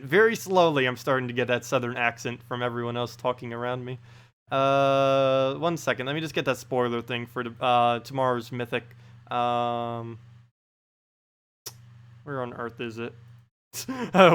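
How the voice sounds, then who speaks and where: Bright-voiced, chatty male game streamer. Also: medium pitch, smooth. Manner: chatty, reading out chat and laughing often. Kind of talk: casual live-stream chat. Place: home in South Carolina.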